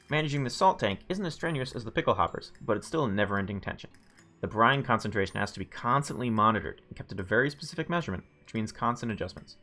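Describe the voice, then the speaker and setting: Man, streamer, reads game text, wry asides, low voice. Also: expressive, fast talker, pushed and bright. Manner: muses aloud, makes wry asides. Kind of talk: reading game text aloud and commenting.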